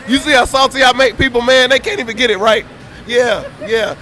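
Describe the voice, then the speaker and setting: A man's voice: very high-pitched, steady tone, normal speed, bright, forceful tone, a faint crowd. A man trash-talking on a stream mic, boastful, taunting and profane. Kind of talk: brash trash talk.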